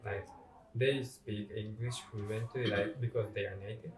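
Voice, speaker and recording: Slow, hesitant man, far off in a roomy echo. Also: lowish voice, steady tone. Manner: hesitant, filler-heavy. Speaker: interviewee. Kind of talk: casual group chat.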